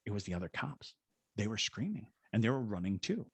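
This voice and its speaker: A middle-aged man from Georgia, United States, a paranormal investigator and ghost tour guide, narrates a story during a podcast interview, imitating its characters. His fairly low voice is sing-song and fairly quick with a breathy edge, on a dry recording.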